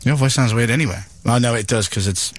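A man's voice: medium pitch, no echo. A man hosting a morning radio show from a studio, teasing and joking. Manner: teasing, jokey, quick to mock. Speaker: radio host.

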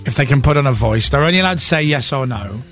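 A man's voice: medium pitch, animated, fast talker, fairly bright tone, soft background music. A man hosting a radio show in a studio, upbeat as he guides a guessing segment. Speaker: radio host. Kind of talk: breakfast radio presenting.

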